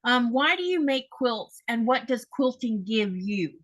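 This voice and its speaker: A woman's voice: fairly high pitch, measured pace. Conversational woman host asking questions. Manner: conversational, relaxed, asks questions. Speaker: podcast host. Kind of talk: interview questions.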